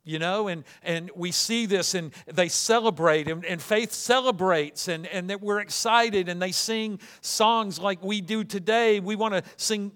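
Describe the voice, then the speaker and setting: A male pastor delivering a sermon in a slightly high voice. He swings between loud, fervent passages and hushed, soft reflection. His talk is full of repeated starts and restarts. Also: a little slow, hardly any pauses.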